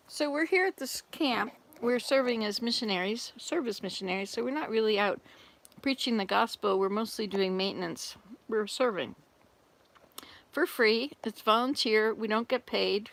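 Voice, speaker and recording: A woman's voice: on the high side, moderate pace, fairly bright tone. An older woman, a volunteer missionary, chatting on a livestream from an RV, telling jokes and talking to her viewers. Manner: chatty, rambling, tells jokes and talks to viewers. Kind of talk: casual livestream chat. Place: RV at a summer camp.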